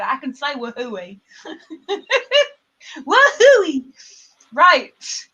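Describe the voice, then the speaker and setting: A woman's voice: fairly high pitch, fairly bright tone. A woman hosting a live stream in casual chat, playful and laughing often. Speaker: livestream host.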